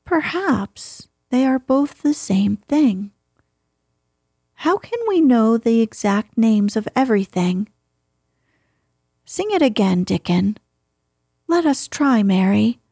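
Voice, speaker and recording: A woman voicing an earnest young boy from a storybook, speaking in a soft, whispery way with her pitch raised. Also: expressive, slow, gravelly, pauses often, breathy edge, dry recording, studio quality, full character voice. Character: sickly boy, eager and earnest.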